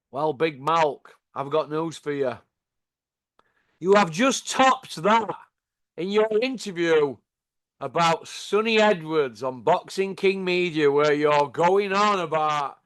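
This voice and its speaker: Man, Yorkshire accent, taunting, sarcastic, high voice, slow unhurried delivery. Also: pushed and bright. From Yorkshire, England. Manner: sarcastic, taunting, repeats rhetorical tag questions. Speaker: channel host. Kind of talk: mocking rant to camera.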